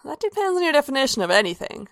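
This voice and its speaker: A woman's voice: high-pitched, sing-song, very fast, vocal fry, no room sound, voice pushed up, full character voice. A woman voicing a playful, flirtatious male demon prince with a brash, teasing manner, recorded dry and close.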